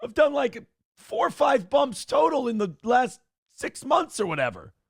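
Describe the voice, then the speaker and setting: A man hosting a casual talk show, telling stories in an animated way, swearing and acting out quotes with sudden jumps in his voice. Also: very high-pitched, normal speed, vocal fry, slightly rough, dry recording, studio quality. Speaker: podcast host. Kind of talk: casual storytelling chat.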